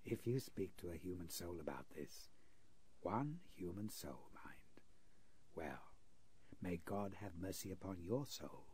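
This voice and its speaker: A man voicing a sinister older male kidnapper who speaks in a quiet, half-whispered, cold way with a nervous giggle, in a 1930s radio drama. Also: low voice, expressive, slight background noise. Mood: menacing. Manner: quiet, slow, coldly threatening.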